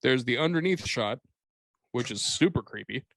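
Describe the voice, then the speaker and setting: A man's voice: medium pitch, expressive, moderate pace, gravelly, dry recording, clean studio sound. A man talking as a podcast guest in a casual film-review chat, rambling, swearing and laughing often.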